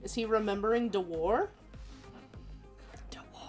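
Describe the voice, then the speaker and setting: A woman's voice: fairly high pitch, lively intonation, moderate pace, soft background music. A young woman hosting an art livestream, chatting casually and giggling as she reads viewer messages aloud. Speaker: art streamer reading viewer submissions.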